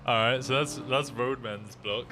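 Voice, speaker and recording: A man's voice: mid-range voice, creaky, pushed and bright, a little hiss or hum. A man streaming a game roleplay as a police officer, upbeat and chatty, often repeating himself as he talks to players and viewers.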